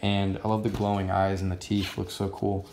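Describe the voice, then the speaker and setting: A man with a fairly low voice casually reviewing a comic book. He rambles and hesitates, and fills his talk with "um" and "like". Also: completely flat delivery, moderate pace, a little mellow, echoey room, a little hiss or hum. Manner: rambling, many fillers like "um" and "like".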